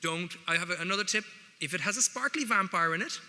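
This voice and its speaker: A man's voice: sits high, fast talker, pushed and bright. Wry Irish man in a large hall. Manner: wry, conversational, jokey asides. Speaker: guest speaker. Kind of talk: public speech to students. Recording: reverberant hall, faint noise.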